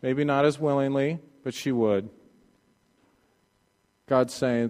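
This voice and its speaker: A man preaching a sermon, swinging from loud pleading passages to hushed, quiet ones. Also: mid-range voice, fairly even intonation, slow, pauses often, long reverb tail. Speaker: pastor.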